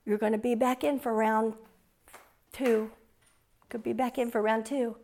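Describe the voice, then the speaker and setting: A woman's voice: fairly high pitch, little pitch movement, unhurried, a little mellow. A woman preacher, telling a tearful personal story and then praying fervently over her congregation in a church. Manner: earnest, tearful, rising to fervent prayer. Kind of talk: emotional sermon and closing prayer.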